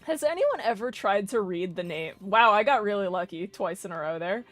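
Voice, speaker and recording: A young woman chats and rambles her way through a game stream, swearing freely and breaking into laughter. Her voice sits at an ordinary pitch for a woman, with faint music underneath. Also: expressive, moderate pace, a bit bright. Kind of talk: casual gameplay commentary.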